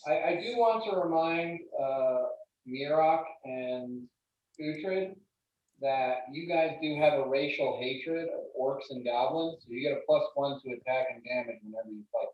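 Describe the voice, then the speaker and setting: A man's voice: mid-range voice, muffled recording. A man running a tabletop game as game master, talking casually with frequent restarts and fillers. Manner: halting, many restarts and fillers.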